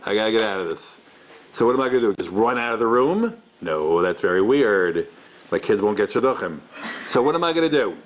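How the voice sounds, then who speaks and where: In a large room before a live audience, a middle-aged male rabbi delivers a storytelling lecture at a brisk clip. His animated delivery brings his characters to life through wide pitch leaps. Audio quality is poor.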